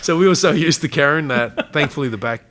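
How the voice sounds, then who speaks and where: This Australian man in his forties talks fast in a fairly high, fairly bright voice with lively intonation. He's an army veteran guesting on a podcast, chatting through stories in a casual interview and laughing a lot.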